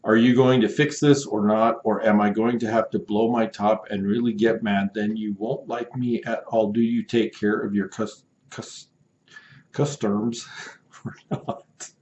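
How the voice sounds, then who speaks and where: A man voicing an irate male online buyer, reading his angry messages slowly and loudly, raising his voice above his own. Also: lowish voice. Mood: indignant. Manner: slow, indignant, louder than his own talk. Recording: roomy, dull lo-fi sound.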